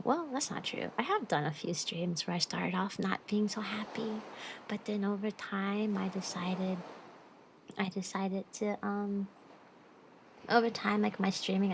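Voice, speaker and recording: A woman's voice: mid-range voice, gravelly, a little hiss or hum, low-quality recording. A woman streamer chatting casually and bubbly with her live chat, greeting viewers and giggling often.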